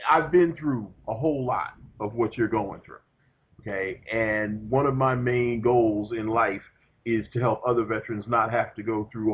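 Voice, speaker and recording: A man coaches a veteran over the phone, reassuring and unhurried, with frequent fillers. His voice is husky at a middle pitch. A tinny telephone line carries it. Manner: reassuring, easygoing, hesitant fillers. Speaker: career coach.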